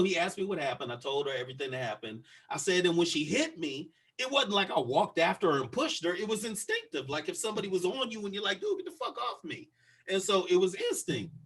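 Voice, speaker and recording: Husky profane man telling a story. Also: sits high. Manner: profane, animated storyteller acting out dialogue. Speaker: podcast co-host. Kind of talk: casual storytelling chat.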